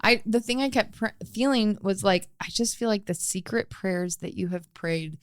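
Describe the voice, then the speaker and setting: A soft-spoken podcast co-host chimes in tenderly during a casual storytelling chat. Her voice is mid-range at a normal speed, captured in a dry, clean studio recording.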